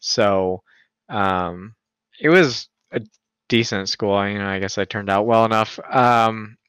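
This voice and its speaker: A man's voice: fairly low pitch, slow, fairly bright tone, clear, resonant tone, dry recording. A man in his thirties, a podcast guest, chatting casually with dry, understated jokes.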